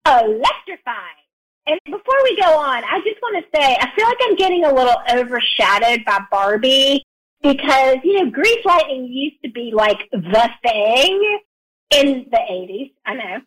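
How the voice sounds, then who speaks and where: High-voiced woman co-hosting with playful banter. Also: very animated, normal speed, a bit bright, rough recording. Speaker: podcast co-host. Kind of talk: casual chat.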